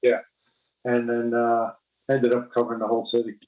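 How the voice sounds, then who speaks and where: A man's voice: mid-range voice, monotone, dull audio. A middle-aged man from Long Island with a New York accent, a podcast guest speaking plainly with many hesitations. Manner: plain, halting with many uhs. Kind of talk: casual podcast conversation. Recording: echoey room.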